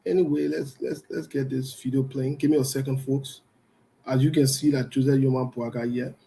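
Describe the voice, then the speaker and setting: A man's voice: mid-range voice, steady tone, normal speed, creaky, mellow. A man hosting a live call-in talk show, stern and preachy, repeating his warnings and laughing between them.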